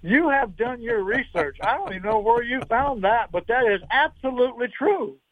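A man in his eighties, a guest on a radio interview, speaking in a halting, earnest way with many repeated words and getting choked up. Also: extremely high pitch, animated, no room sound. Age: 80s. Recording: tinny phone line.

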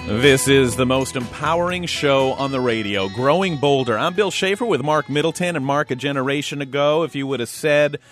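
A man's voice: medium pitch, normal speed, hardly any pauses. A man hosting a radio show with a polished announcer delivery. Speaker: radio host. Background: music.

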